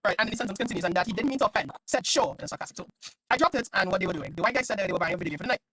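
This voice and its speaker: A man from Trinidad streaming, reading a story aloud and reacting with animated laughter. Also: sits high, racing, husky.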